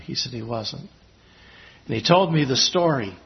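Pastor man, reflective halting storyteller. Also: medium pitch, lively intonation. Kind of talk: sermon with personal storytelling. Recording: slightly dull lo-fi recording.

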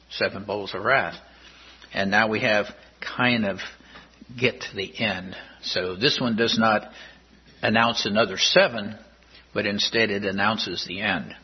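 A man with a husky, rather low voice preaches verse by verse, pausing to read each passage slowly and explain it. The recording is dull and lo-fi. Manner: measured Bible exposition, reads verses slowly. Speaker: pastor. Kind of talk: sermon.

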